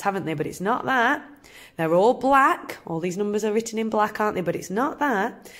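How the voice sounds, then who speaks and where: An English woman teaching a reception-class maths lesson, counting along and encouraging young children with playful gasps. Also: mid-range voice. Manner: slow, sing-song and encouraging, with playful gasps. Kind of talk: early-years maths lesson to camera.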